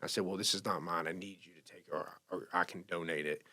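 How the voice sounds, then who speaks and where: A man telling a personal recovery story in casual talk, halting and emotional, with many restarts. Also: low-pitched, steady tone, sharp tone. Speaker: podcast guest sharing recovery story.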